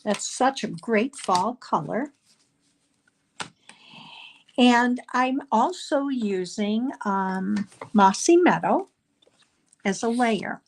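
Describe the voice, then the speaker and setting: A woman's voice: on the high side, expressive, very slow, pauses often, slight background noise. A middle-aged woman leading a live card-making class, explaining each step in a chatty way with frequent ums. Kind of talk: live crafting class demonstration.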